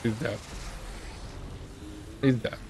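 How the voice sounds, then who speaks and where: A man's voice: drawn-out words, background noise. A man hosting a reaction video, making amused, offhand remarks about gaming clips. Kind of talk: casual reaction commentary.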